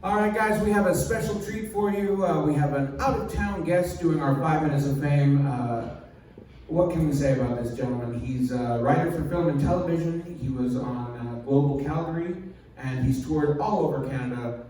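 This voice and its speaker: A man hosting at a comedy club, introducing the next comedian in a loose way with filler pauses. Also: on the high side, mellow. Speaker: open mic host. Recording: echoey room recorded from a distance, crowd noise.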